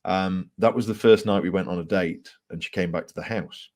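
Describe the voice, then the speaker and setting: A man's voice: low voice, brisk. A man, a book author telling ghost stories casually, with laughs and fillers. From England. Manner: animated storyteller with fillers and laughs. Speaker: author guest. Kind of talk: casual storytelling interview.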